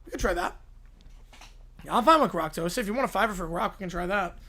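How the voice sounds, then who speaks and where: A man's voice: high voice, lively intonation, a bit bright. Chuckling man hosting a livestream. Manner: chuckling, rushes through viewer requests. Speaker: livestream host. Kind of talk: casual livestream chat.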